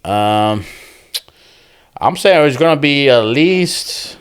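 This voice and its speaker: A man's voice: medium pitch, animated, takes it slowly, clean tone. Young guy cohost, talks slang, swears, says bro every line. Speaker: podcast co-host. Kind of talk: casual sports chat.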